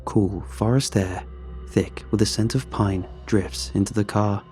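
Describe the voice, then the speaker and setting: A man reading a horror story aloud in a measured, hushed storyteller's manner. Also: on the low side, fairly even intonation, soft background music. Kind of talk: scripted horror narration.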